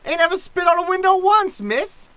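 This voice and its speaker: A woman's voice: mid-range voice, lively intonation, measured pace, fairly bright tone, no echo. A woman playing a plain-spoken longtime maid in an improvised old-time radio play, using countrified grammar. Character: folksy longtime female maid of a manor.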